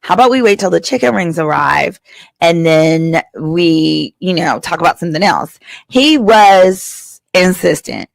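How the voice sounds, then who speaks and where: A woman in her thirties, an attorney who hosts her own show, tells a funny personal story set at home in her father's house, acting out what the other people said. Her voice is on the low side, animated and unhurried, with vocal fry. The recording is studio quality, with no room sound.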